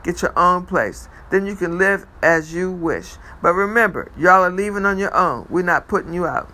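A gruff, strict father barks blunt orders, cursing freely, as a man reading a story aloud gives him voice. The tone is bright and clear, and it sits fairly high for a man. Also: animated, normal speed. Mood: dry.

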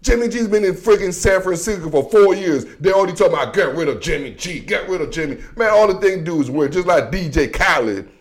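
Brisk and barely pausing, a high-voiced man runs a casual football commentary show, animated and slangy, cracking jokes while alternating shouts with mumbles.

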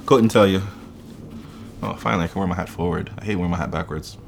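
A man's voice: deep voice, fast, gravelly, a little hiss or hum. A young man co-hosting a casual livestream podcast, loose and profane, reading viewer comments aloud. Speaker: podcast co-host.

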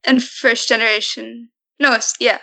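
A woman guest on a casual podcast chat, relaxed and laughing easily, giving short answers. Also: fairly high pitch, a little slow, gravelly, no room sound, rough recording.

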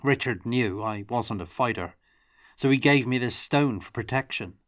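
A man reading aloud, voicing a gruff, secretive halfling cook telling a grave story. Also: medium pitch, normal speed, a bit bright, no room sound, studio quality, pitched above the performer's own voice, close to an everyday voice.

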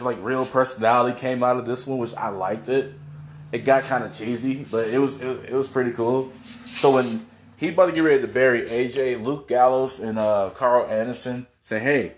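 A man's voice: medium pitch, echoey room. A man casually recapping a wrestling show on video, rambling, laughing and swearing as he goes. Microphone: camera mic, seen on video.

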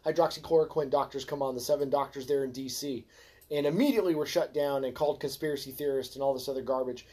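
A man hosting a podcast, ranting in a fervent, preachy way, calling his listeners folks and swinging from low mutters to loud exhortation. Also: fast talker, slightly rough. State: frustrated. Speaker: podcast host. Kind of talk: ranting religious podcast monologue.

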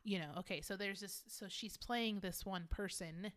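A woman co-hosting a casual chat, telling an animated story and swearing freely. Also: mid-range voice, normal speed. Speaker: podcast co-host.

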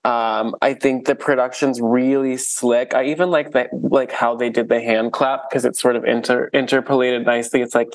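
Male podcast co-host, casual and animated, frequent laughter, mid-pitched voice. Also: normal speed. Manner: animated, laughs often, many fillers. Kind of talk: casual chat reviewing an album.

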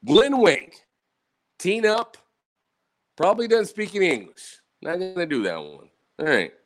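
A man's voice: medium pitch, a bit bright. A man hosting a show, reacting to podcasts with sarcastic, exasperated, profane commentary. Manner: sarcastic, exasperated, swears a lot.

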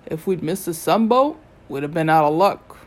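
A reader voicing a gruff, wisecracking male dwarf god who growls and mumbles in an audiobook reading. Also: mid-range voice, animated, normal speed, close to an everyday voice.

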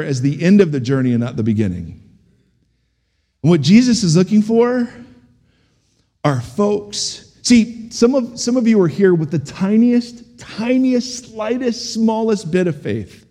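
A middle-aged man preaches with a high, lively voice and a mellow tone, and he keeps the sermon humorous while putting questions to the congregation. His voice rings with the long reverb of a church hall. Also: a little slow. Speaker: pastor.

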